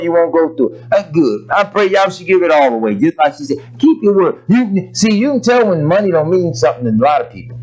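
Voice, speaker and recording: A man preaches in a slightly raised voice whose pitch rises and falls a great deal from line to line. He keeps it loose and chatty, asking the room questions and slipping into quoted voices as he goes. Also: rough recording. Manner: lively preaching with loose asides and acted-out quotes; colloquial, talks to the congregation directly. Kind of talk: sermon.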